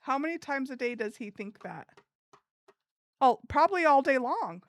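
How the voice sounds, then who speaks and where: Lively, bubbly woman streamer. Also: sits high, moderate pace, no room sound. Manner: animated, giggly, chatting with viewers. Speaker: live streamer. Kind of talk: casual live stream chat.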